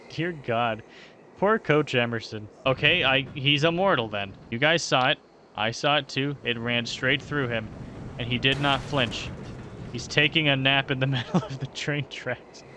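A young man with a medium-pitched, unhurried voice gives joking let's-play commentary as a gaming YouTuber, swearing freely at what happens on screen. His tone is sharp, with a faint hiss or hum on the recording.

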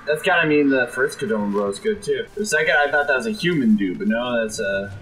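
A young man giving jokey, excitable let's play commentary, reacting to the game and putting on silly voices for the enemies. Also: medium pitch, fairly quick, faint music behind. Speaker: gameplay commentator.

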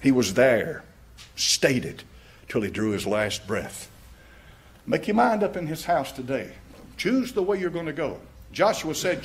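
A man's voice: mid-range voice, sing-song, measured pace, breathy edge. An older American man, a pastor, preaching a sermon with stories and fervent questions. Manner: storytelling, rising to fervent questions, laughing at own stories.

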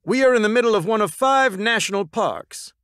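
A man's voice: high voice, lively intonation, fairly quick, a bit bright, clean tone, dry recording, clean studio sound, pitched above the performer's own voice. A man voicing a hearty, boisterous older president in a storybook podcast. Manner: boisterous, declamatory.

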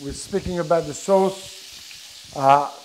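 A middle-aged French-accented chef talks his viewers through a live cooking demo, chatty and full of restarts. His voice sits a little high. A soft sizzle from the pan and a light hiss run underneath. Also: takes it slowly. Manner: chatty, explains step by step with many restarts. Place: kitchen with food sizzling. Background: frying sizzle.

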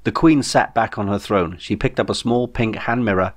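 A man's voice: lowish voice, moderate pace. A man reading his own novel aloud as audiobook narration, with wry storytelling.

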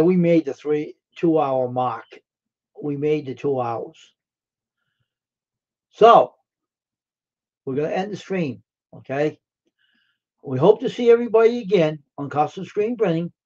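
A man's voice: a little high, darkish tone. A man hosting a live stream, chatting casually with viewers in a rambling, friendly way full of fillers and repeats. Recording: dull lo-fi stream audio.

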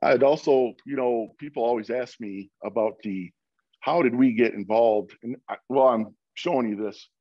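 A man's voice: mid-range voice, normal speed, dry recording, dull audio. A man from Michigan giving an informal presentation over a video call, with many fillers and restarts. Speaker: guest speaker.

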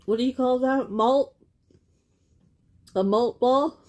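In a high-pitched, slow and slightly mellow voice, a Canadian vlogger unpacks a gift package while chatting casually, gushing and laughing frequently. Bags and packaging crinkle in the background.

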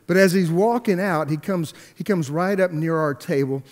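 During a sermon, a high-pitched male pastor tells a story, moving between hushed and emphatic tones with halting restarts and repeated words. A long, echoey hall reverb fills the recording.

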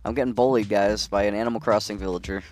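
A man hosting a gaming video, casually thinking out loud as he plays. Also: on the low side, fast. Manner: relaxed and chatty, thinking out loud. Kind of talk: casual gameplay commentary.

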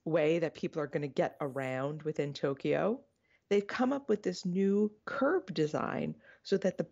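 A woman co-hosts a podcast, tossing in quick jokes. Her voice is a bit low, and the sound is dull and lo-fi. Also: creaky, darkish tone. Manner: jokey, quick quips. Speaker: podcast co-host. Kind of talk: casual chat.

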